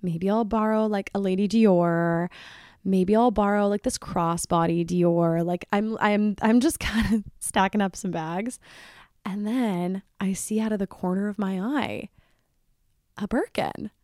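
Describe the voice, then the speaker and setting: A woman's voice: medium pitch, a little slow, dry recording, clean studio sound. A young woman hosting a solo podcast, telling a story in a chatty, dramatic way, full of "like" and acted-out quotes from friends. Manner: chatty, dramatic, heavy use of "like", quotes friends in animated bursts. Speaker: podcast host.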